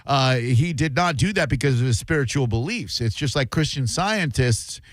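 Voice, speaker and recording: A man's voice: mid-range voice, animated, normal speed, no echo. A male radio host taking callers in a studio, talking in a mocking, sarcastic way. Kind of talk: call-in radio talk.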